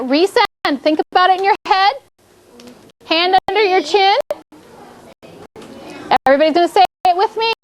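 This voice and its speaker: A woman's voice: very high-pitched, rough recording. A woman teaching a classroom, coaxing pupils through call-and-response prompts. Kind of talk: classroom instruction.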